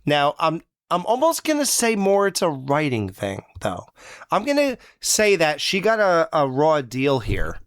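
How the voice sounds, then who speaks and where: A man co-hosting a casual movie review podcast, animated and acting out lines from the film. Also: on the high side, unhurried, no room sound, studio quality. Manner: animated, acts out movie lines in quoted voices. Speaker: podcast co-host.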